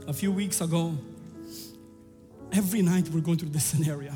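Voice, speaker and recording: A high-pitched man preaches in a church, his voice ringing with long reverb through the hall while music plays faintly beneath. He tells stories warmly and rises to fervent, shouted climaxes. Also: steady tone, moderate pace, long pauses. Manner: storytelling, building to fervent climaxes. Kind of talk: sermon.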